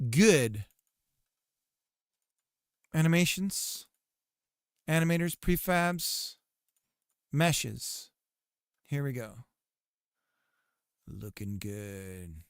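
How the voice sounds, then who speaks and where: A male game developer chats on a live stream and jokes with his viewers in a slightly high, smooth, clear voice. He talks slowly and takes his time. The sound is dry and close-miked. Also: expressive, no room sound. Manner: joking, teasing his chat. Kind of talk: casual live-stream chat.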